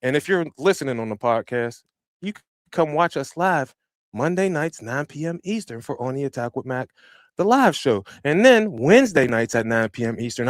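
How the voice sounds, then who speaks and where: A man hosting a live podcast, chatting casually and giving energetic, slangy shout-outs to viewers from a home podcast room. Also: fairly high pitch, no room sound. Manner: slangy and informal. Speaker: podcast host. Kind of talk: live-stream podcast chat.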